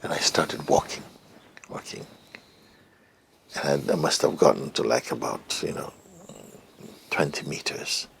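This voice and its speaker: Low gravelly man telling a story. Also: a little slow, pauses often, slight background noise. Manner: reflective, hesitant, drops to whispers. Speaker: interview guest, spiritual teacher. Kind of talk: storytelling in an interview.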